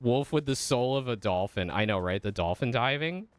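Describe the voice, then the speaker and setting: A man's voice: mid-range voice, lively intonation, normal speed, clear, resonant tone, no room sound. A man streaming a video game, chatting casually with viewers in a rambling way and often swearing when the game gets heated. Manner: chatty, rambling asides with many fillers. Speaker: vtuber streamer. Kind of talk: casual gaming stream chat.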